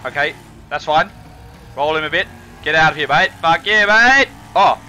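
A young man, excitedly commentating his own car game, swearing and calling everyone mate. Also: a little high, moderate pace, soft background music, poor audio. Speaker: gaming video host. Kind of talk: casual gameplay commentary.

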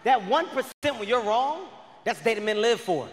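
A man doing stand-up comedy on stage, telling a story loudly and shouting the punchlines. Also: very high-pitched, expressive, moderate pace. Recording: echoey live hall recording.

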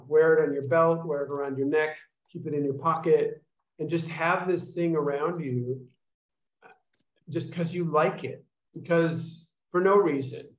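A workshop leader with a fairly high-pitched voice teaches an online group casually over a video call from an echoey room. He rambles, restarts his sentences, and makes demonstration sounds.

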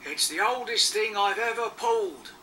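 A man's voice: high-pitched, moderate pace, bright, forceful tone, far from the mic, slight background noise, pitched above the performer's own voice, poor audio. A man voicing a cheerful old male steam engine, proud of his age, in a children's storybook reading, with a chirpy, friendly manner.

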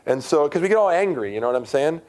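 A middle-aged man, a pastor giving a conversational sermon with loud, emphatic rises in his voice. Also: on the high side, expressive, quick pace, a little hiss or hum.

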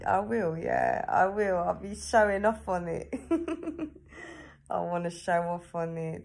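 A woman's voice: fairly low pitch, sing-song, a little slow, creaky, darkish tone. A woman talking casually to herself on camera, chatty and laughing often, tagging her sentences with questions. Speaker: vlogger. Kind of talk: casual self-talk to camera.

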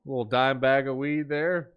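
A man's voice: medium pitch, fairly even intonation, normal speed, clear, resonant tone, dull audio. A man streaming a game, joking and riffing in playful banter with his chat. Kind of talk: gaming stream commentary.

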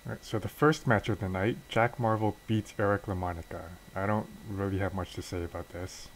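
A man's voice: lowish voice, steady tone, a little fast, a little hiss or hum, rough recording. A man casually narrating a wrestling game story as a let's play, with fillers and restarts.

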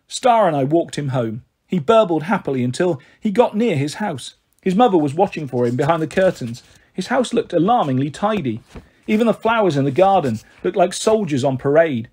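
Male storybook reader, animated, slightly husky. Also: a little high, brisk. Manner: expressive, voicing characters. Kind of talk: reading a children's novel aloud.

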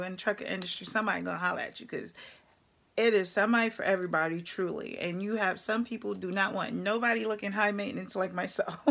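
A woman's voice: mid-range voice, creaky, a bit bright. A woman truck driver with a New Jersey accent, chatting frankly to camera, laughing often and putting on voices as she tells stories. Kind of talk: casual talk to camera. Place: at her computer.

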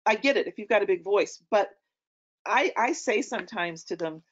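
A woman's voice: mid-range voice, lively intonation, normal speed. A middle-aged woman, an opera singer, chatting casually and telling anecdotes with plenty of ums. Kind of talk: casual conversation. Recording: dull lo-fi audio.

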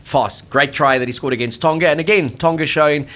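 A man co-hosting a rugby podcast in casual sports chat, emphatic and quick to laugh. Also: a little high, a bit bright.

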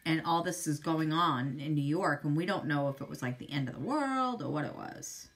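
Low-voiced chatty middle-aged woman. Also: expressive, moderate pace. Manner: chatty, answers viewers by name. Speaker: makeup seller hosting a live demo. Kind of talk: casual live-stream chat.

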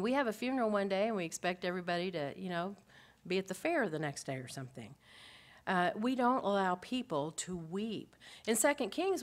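A pastor's wife giving a Bible lesson to a group of women. She speaks earnestly and expressively, moving between emphatic and soft passages and asking her listeners many rhetorical questions. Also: medium pitch. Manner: expressive, swings between emphatic and softly spoken.

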